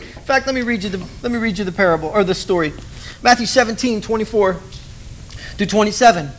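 Animated high-voiced male preacher. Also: fast talker. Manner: animated, self-deprecating, acts out quoted voices. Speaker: pastor. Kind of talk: sermon.

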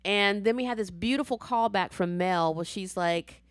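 A woman with a slightly low voice recaps a TV episode in excited casual chat. She swears freely and acts out the characters as she goes. The sound is close and dry. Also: unhurried, no echo.

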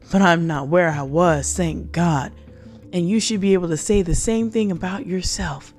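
A woman's voice: lowish voice, darkish tone. A woman hosting a devotional podcast, giving an earnest motivational talk and repeating phrases for emphasis. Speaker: podcast host.

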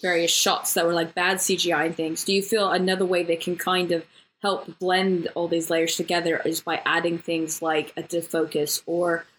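A woman's voice: fairly low pitch, level tone, normal speed, fairly bright tone, rough recording. A woman co-hosting a podcast, a former compositor, chatting casually with many "like" fillers and easy laughs. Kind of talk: casual chat.

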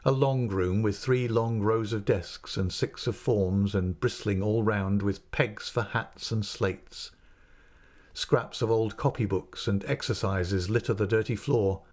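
A man narrating a classic novel in a measured, expressive reading voice. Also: lowish voice.

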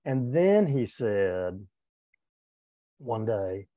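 Older male former pastor for a conversation piece: earnest, candid storyteller, warm mellow tone, dry close sound. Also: fairly low pitch, very animated, very slow, no echo. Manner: earnest, candid, with frequent restarts. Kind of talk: reflective personal storytelling in conversation.

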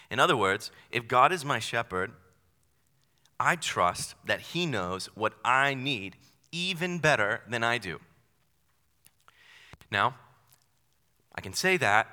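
A man's voice: mid-range voice, moderate pace, sharp tone, clear, resonant tone. A young man preaching a sermon in a casual, conversational way, with self-deprecating asides. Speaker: pastor. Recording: long hall reverb.

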